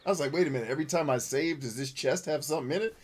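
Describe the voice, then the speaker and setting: A man hosting casual gameplay commentary, joking crudely and yelling at characters on screen. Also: a little high, very fast, slightly rough. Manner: crude, goofy joking, shouting at the game. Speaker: gaming channel host.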